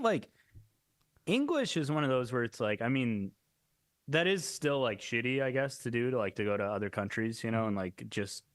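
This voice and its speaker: A man's voice: medium pitch, animated, normal speed, dry recording, studio quality. A man co-hosting a podcast, chatting loosely and jokingly and swearing freely. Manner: loose, swearing, playful with quoted voices. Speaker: podcast co-host. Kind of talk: casual comedy chat.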